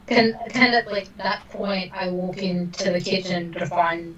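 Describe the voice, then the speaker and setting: A woman's voice: on the low side, flat delivery, a little slow, lo-fi sound. A woman playing a tabletop game, speaking hesitantly with some stammers. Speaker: player. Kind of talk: casual tabletop play.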